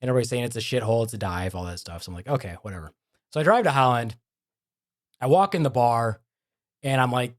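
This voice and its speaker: A podcast host speaks quickly in a mid-range male voice. Chatting casually, he tells stories with lively energy and acts out the people he quotes.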